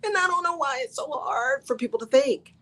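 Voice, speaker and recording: A woman's voice: sits high, animated, a little fast, fairly bright tone. Emphatic woman radio host. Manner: emphatic, repeats key phrases, asks "right?". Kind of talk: talk radio monologue.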